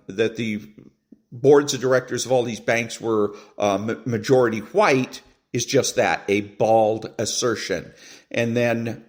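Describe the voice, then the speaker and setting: A middle-aged male podcast host talks through played clips in a loose, unscripted way. He rambles, restarts sentences and fills pauses with "uh" and "um". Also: medium pitch. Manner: rambling, with many fillers and restarts, pausing to acts out quotes. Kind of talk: casual political commentary on played clips.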